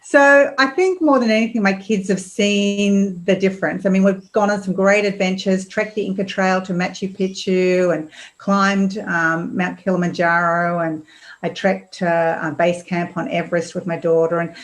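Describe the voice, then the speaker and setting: A middle-aged woman, a podcast guest telling personal stories in a lively way, acting out what people said. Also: mid-range voice, moderate pace, low-quality recording. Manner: animated, acts out quotes with laughs. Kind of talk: casual storytelling interview.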